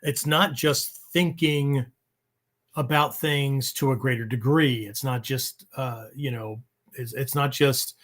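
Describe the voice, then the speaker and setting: A man hosting a training podcast speaks slowly in a medium-pitched, slightly bright voice with fairly even intonation. His casual monologue rambles, and he checks in with "right?" at the end of many sentences.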